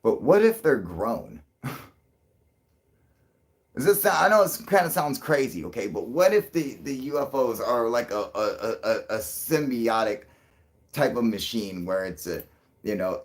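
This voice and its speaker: Man, slightly low voice, casual livestream host, rambling, lots of fillers, swears often. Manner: thinks out loud, chuckles often. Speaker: channel host.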